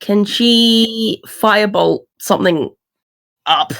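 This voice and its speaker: A woman's voice: medium pitch, takes it slowly, creaky, fairly bright tone. A woman playing a tabletop game, giggly and a little unsure about the rules. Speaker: player. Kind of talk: casual tabletop game play.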